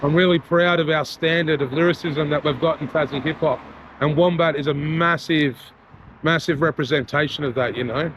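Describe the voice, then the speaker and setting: Speaking at a moderate pace in a fairly high voice, an Australian man rambles sincerely while wandering through his town's streets and mall, dropping "you know" again and again. He's a vlogger and rapper, and the street recording is noisy and muffled.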